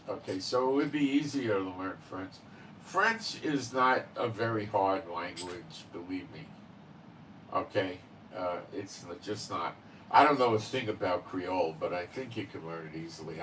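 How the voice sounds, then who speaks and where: A man's voice: low-pitched, lively intonation, moderate pace, a bit bright, recorded from a distance, slight background noise, low-quality recording. A man hosting his own channel, talking in a rambling casual monologue full of fillers and "okay?" tag questions. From Israel. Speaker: channel host.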